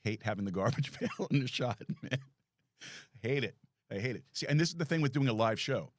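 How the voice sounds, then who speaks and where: A man's voice: mid-range voice, lively intonation, a little fast, no room sound. A man hosting a live talk show from a small studio, telling a rambling self-deprecating story with many restarts.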